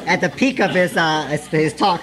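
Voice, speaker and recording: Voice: medium pitch, normal speed, crowd noise, noisy background. An interpreter rendering a preacher's testimony sentence by sentence, hesitant and often laughing. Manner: hesitant, many fillers and restarts, often laughing. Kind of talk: consecutive interpreting of a sermon.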